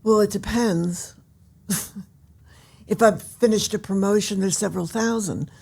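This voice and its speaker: An older woman, an author, chatting as a guest in an interview and telling her stories in an animated, theatrical way. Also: medium pitch, a little slow, creaky, slightly rough. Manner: animated storyteller who acts out scenes. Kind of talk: casual interview chat.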